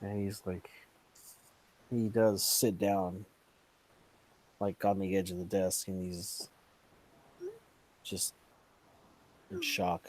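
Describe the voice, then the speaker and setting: A man narrating a tabletop game as game master, halting and full of fillers. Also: low voice, flat delivery, darkish tone, slight background noise.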